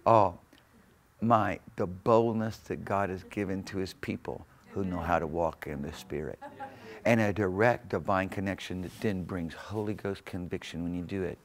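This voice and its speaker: A pastor preaching a fervent sermon in a church, surging loud on key phrases and chuckling between points. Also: male voice, low voice, steady tone, normal speed. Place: church sanctuary.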